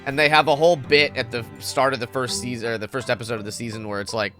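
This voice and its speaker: A man's voice: mid-range voice, sing-song, moderate pace, pushed and bright, soft background music. A man streaming a mystery game, chatting playfully with giggly, rambling asides. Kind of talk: casual gaming commentary.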